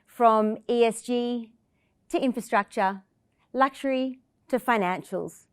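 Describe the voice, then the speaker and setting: A woman hosts an investment interview, opening with a polished, scripted introduction before asking questions. Her voice sits fairly high. The recording is dry and close, with no room sound. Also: takes it slowly, clean tone, no room sound. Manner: polished, read-from-script delivery. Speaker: interview host.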